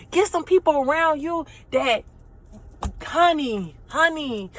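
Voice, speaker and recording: Earnest woman in her late twenties, slightly high voice. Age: late 20s. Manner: earnest, preachy, repeats phrases for emphasis. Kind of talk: emotional motivational monologue.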